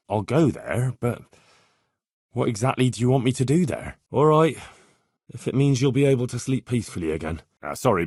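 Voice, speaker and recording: An actor playing an earnest, dutiful young squire in a medieval game, speaking plainly and deferentially in recorded dialogue lines. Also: male voice, fairly low pitch, dry recording, studio quality. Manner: plain, sincere and deferential, with many lines read twice. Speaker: player character in a game. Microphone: close studio mic.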